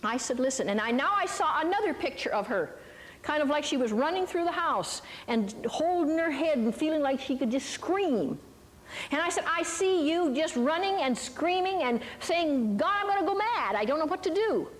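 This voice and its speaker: With a high, animated voice at normal speed, an older woman preaches a Christian ministry talk in a hall, and a long reverb tail follows her words. She tells stories in a folksy, chatty manner, full of asides and questions to the live audience.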